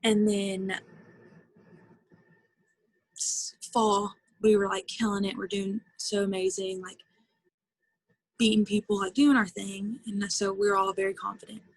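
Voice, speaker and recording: Young female interview guest, twenties; vocal fry, dry recording, casual and emotional. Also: medium pitch, flat delivery, measured pace, pauses often, no room sound, poor audio. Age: 20s. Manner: chatty, lots of fillers, emotional retelling. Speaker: interview guest, former college softball player.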